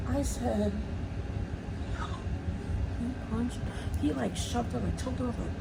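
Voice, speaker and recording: A tired young woman chatting casually while doing her makeup, telling stories in lively, slangy bursts. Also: on the high side, slow, vocal fry, long pauses, heavy background noise. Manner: animated, slangy storytelling with laughs. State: tired after a workday. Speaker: beauty vlogger.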